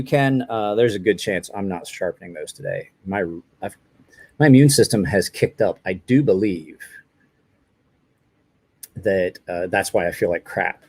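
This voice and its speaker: A man's voice: lowish voice, lively intonation, unhurried, pauses often, a little mellow. A man in his forties hosting a casual live stream, tired and run down, rambling with many fillers and apologies. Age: 40s.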